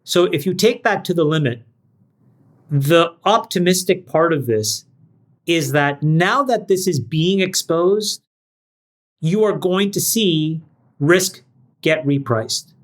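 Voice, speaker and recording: A man co-hosting a podcast panel chat, laying out his argument in an emphatic, measured way. His voice sits a bit higher than most men's. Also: animated. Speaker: podcast co-host.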